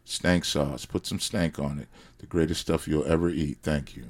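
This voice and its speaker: A man guest on a podcast, talking in casual chat with animated, preachy rants that swell loud. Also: extremely low pitch, moderate pace. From United States. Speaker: podcast guest, sauce company founder.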